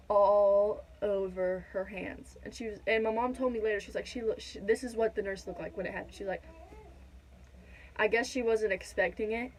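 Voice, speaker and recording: A woman's voice: medium pitch, a little mellow, low-quality recording. A young woman telling a personal story to her viewers in a chatty, direct way, filling gaps with "da da da.". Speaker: vlogger. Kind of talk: casual storytime.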